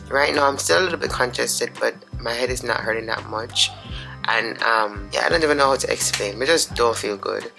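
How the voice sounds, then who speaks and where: A middle-aged woman with a Jamaican accent chatting to camera in her home office, hoarse and raspy from being sick, chatty and talking to herself in asides. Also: rumbling low, bright, forceful tone, low-quality recording. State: hoarse, sick with sore throat. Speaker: vlogger. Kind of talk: casual vlog chat to camera.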